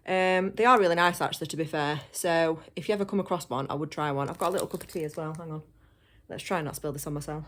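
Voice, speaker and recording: A woman's voice: on the low side, roomy sound. Chatty young woman vlogging. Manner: chatty, rambling with many fillers. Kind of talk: casual chat.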